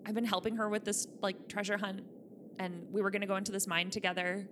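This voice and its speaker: A woman's voice: mid-range voice, level tone, fast talker, background noise, natural voice. A woman playing a flustered young woman who keeps apologizing and stammering.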